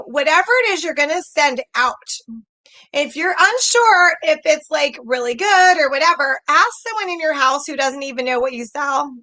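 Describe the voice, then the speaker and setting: A woman's voice: high voice, bright, forceful tone. A woman coaching a group on direct sales in a chatty, upbeat way, often acting out messages. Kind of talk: casual coaching talk to an online group.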